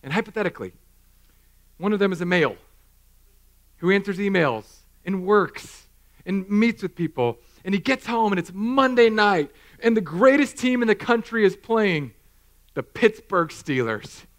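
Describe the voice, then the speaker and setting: Animated self-mocking male pastor. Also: high voice, normal speed. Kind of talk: sermon. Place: church hall.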